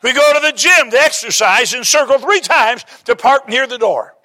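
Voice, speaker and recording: A man delivering a sermon in a high, bright voice. He tells stories in an easy flow and climbs into loud, emphatic peaks when he makes a point. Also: expressive, normal speed. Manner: storytelling, rising to emphatic bursts. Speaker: preacher.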